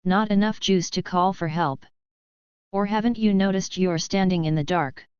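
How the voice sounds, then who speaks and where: A woman's voice: mid-range voice, normal speed, darkish tone, clear, resonant tone, no echo, highs cut off, close to an everyday voice. A woman reading a drawling cynical cadet. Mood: sardonic. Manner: lazy drawl. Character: young male space cadet, lazy and cynical.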